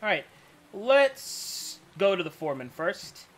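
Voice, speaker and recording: Brief: upbeat man narrating as game master, high and animated, on a voice-chat mic. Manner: brisk and upbeat, rules calls and quick scene-setting. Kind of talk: narrating a tabletop game online.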